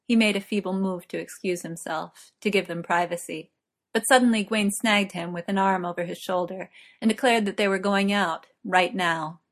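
A woman reading a story aloud in an even, measured way. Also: medium pitch. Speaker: narrator.

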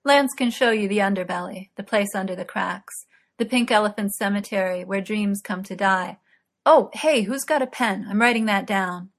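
A woman reading aloud, voicing a fiery young male poet who rants loudly and dramatically. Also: mid-range voice, normal speed, natural voice. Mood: teasing. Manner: loud, impassioned ranting.

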